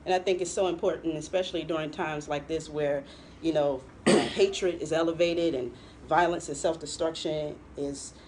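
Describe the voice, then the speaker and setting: A woman's voice: low-pitched, steady tone, moderate pace, a little mellow, a little hiss or hum. A woman co-hosting a political talk show, giving pointed commentary and laughing often. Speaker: co-host.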